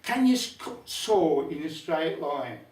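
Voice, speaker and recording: A man with a Black Country accent voicing a brisk male master carpenter who quizzes a new hand. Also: fairly high pitch, big pitch swings, a little mellow, echoey room, distant mic.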